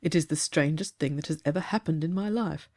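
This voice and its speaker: A woman reads a calm gentleman recounting a strange encounter, measured and earnest. He speaks with a lowish voice and a faintly wounded sincerity, as in a storybook reading. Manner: measured, earnest, slightly aggrieved. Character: calm grown man telling a ghost story.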